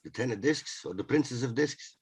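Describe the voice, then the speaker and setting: A man chimes into a conversation with short questions and dryly ironic comments. His voice sits at an ordinary middle pitch, and he likes to end a point with a quick "eh?". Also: a little mellow. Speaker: participant in discussion.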